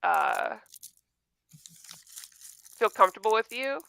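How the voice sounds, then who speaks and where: A woman's voice: on the high side, expressive, slow pace, creaky, a bit bright, clear, resonant tone, rough recording. A woman from Kentucky with a light Southern accent, hosting a casual chat and laughing often. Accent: light Southern American. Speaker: host.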